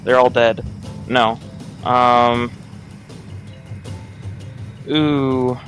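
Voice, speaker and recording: A man's voice: mid-range voice, steady tone, very slow, a bit bright, faint music behind, poor audio. A man playing a tabletop game, joking as he describes his character's moves. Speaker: player.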